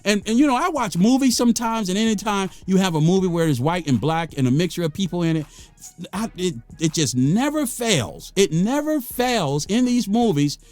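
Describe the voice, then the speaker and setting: Animated, preachy American man vlogging. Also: sits high, moderate pace, no echo, faint music behind. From United States. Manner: preachy, emphatic, repeats phrases for stress; gets worked up, then calms himself. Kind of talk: impassioned monologue to camera.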